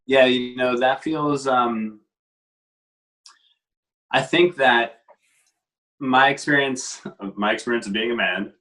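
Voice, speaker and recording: A man talking as a guest in a casual conversation, reflective and measured, with frequent pauses. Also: mid-range voice, pushed and bright, rough recording.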